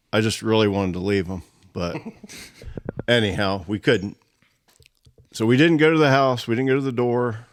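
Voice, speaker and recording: A man telling a hunting story in casual talk, animated and often laughing. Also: mid-range voice. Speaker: guest storyteller.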